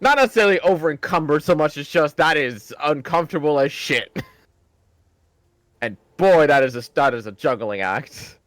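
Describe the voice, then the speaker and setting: A man's voice: a little high, expressive, moderate pace, a bit bright, dry recording. A man narrating as dungeon master in a casual tabletop game, swearing freely and laughing often between lines.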